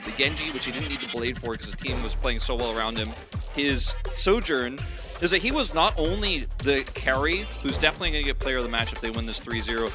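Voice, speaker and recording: A man giving animated, chatty esports color commentary and analysis. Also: mid-range voice.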